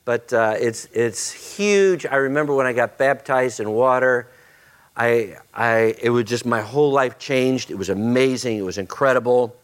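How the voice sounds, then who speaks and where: A man's voice: medium pitch, moderate pace, clean tone. A man, a pastor making church announcements with joking banter before starting his sermon. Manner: joking, warm-hearted banter with the congregation. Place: church auditorium.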